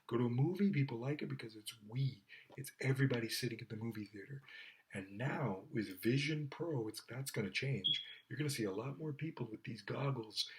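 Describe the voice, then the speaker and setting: Blunt, profane man ranting. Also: low-quality recording. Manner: blunt, profane, mocking, mimics women in high voices. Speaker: commentator. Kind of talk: opinionated rant.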